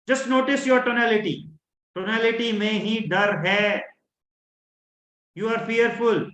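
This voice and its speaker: Indian English male coach, higher pitch, repeats and demonstrates, roomy sound. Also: moderate pace, fairly bright tone. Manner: instructive, repeats key phrases, acts out fearful tones. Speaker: workshop coach. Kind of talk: online workshop teaching.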